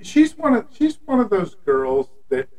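A man's voice: high-pitched, big pitch swings, measured pace, a little mellow, low-quality recording. A man co-hosting a casual podcast, blunt and slangy, often calling his co-host dude. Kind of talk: casual banter.

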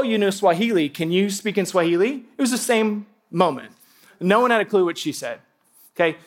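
A pastor preaching to a congregation in church, telling stories with lively asides and laughter and speaking straight to the people in front of him. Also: male voice, sits high. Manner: animated storytelling with asides and laughter. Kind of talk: sermon.

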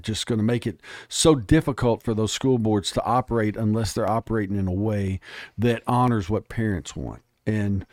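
A man's voice: fairly low pitch, darkish tone, dry recording, studio quality. A man speaking as an interview guest, emphatic and plainspoken, telling stories in casual talk.

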